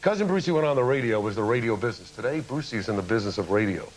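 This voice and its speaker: A man's voice: on the low side, lively intonation, racing, slight background noise, poor audio. A man giving an impassioned, lecturing speech as a guest on a television talk show, full of rhetorical questions. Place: TV studio with audience.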